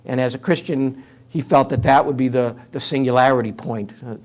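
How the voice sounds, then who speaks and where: An older man with a New York accent, in his seventies, talks through an interview with an easy, anecdotal humor and plenty of fillers. His voice sits at an ordinary middle pitch. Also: steady tone, fairly quick. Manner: humorous storyteller, conversational with fillers. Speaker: author and guest speaker.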